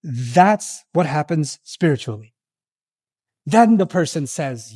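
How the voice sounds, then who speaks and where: A man with a high-pitched voice lectures on scripture before a live audience. He is animated and conversational, and he keeps asking rhetorical questions and slipping into the voices he quotes. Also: slow pace. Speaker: Islamic lecturer.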